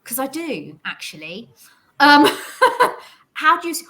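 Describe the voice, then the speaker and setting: A woman's voice: on the high side, unhurried, long pauses. A woman from England chatting casually as a guest, telling stories and acting out what other people said. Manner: chatty, animated storyteller who acts out other people's lines. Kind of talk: casual chat about mental health.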